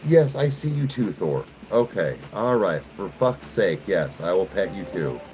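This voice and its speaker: A man's voice: low-pitched, very animated, unhurried, a little mellow, faint music behind, low-quality recording. A man chatting casually in a vlog, talking to the camera and to his dogs. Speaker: vlogger.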